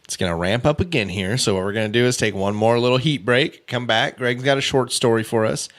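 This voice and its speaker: A man hosting a casual true crime podcast, reading out a case timeline with offhand asides and quick self-corrections. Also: medium pitch, fairly bright tone. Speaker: podcast host.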